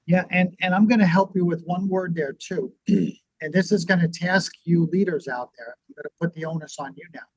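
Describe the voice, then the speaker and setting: A middle-aged man with a fairly high voice, recorded close and dry with no room sound. He teaches in a relaxed chat, telling stories from his own business and acting out each person's lines as he goes. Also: a little fast, dry recording, lo-fi sound. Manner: storytelling, acts out quoted dialogue, repeats words when restarting. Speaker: podcast co-host and business owner.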